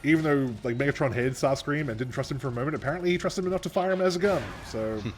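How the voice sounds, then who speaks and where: A man's voice: a little high, very fast, slight background noise. Chatty young man, laughing a lot. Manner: rambling, laughs often, swears casually. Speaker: gameplay co-host. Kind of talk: casual let's-play chat.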